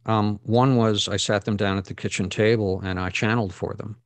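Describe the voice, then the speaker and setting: Deep-voiced man telling stories earnestly. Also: steady tone, brisk, gravelly, dry recording. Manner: earnest, storytelling, rambling asides. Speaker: guest. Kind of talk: casual conversation.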